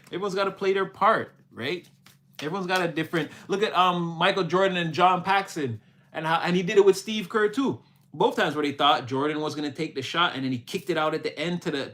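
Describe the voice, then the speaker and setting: Young guy with a slightly high voice, streaming a loose, rambling spiritual reading. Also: fairly bright tone. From Canada. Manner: rambling, repeats himself, exclaims "wow". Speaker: livestream spiritual reader. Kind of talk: casual livestream reading and chat.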